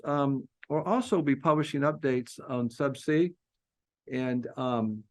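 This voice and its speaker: Man, webinar host, businesslike, measured delivery, video call audio. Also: medium pitch. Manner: measured, businesslike, wraps up with announcements. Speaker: webinar host, industry analyst.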